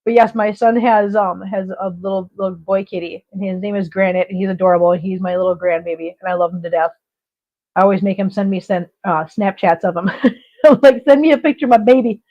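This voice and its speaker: A woman's voice: fairly low pitch, flat delivery, fairly quick. A middle-aged woman hosting a casual livestream chat, telling stories in a chatty way and laughing often. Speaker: host. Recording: dull lo-fi stream audio.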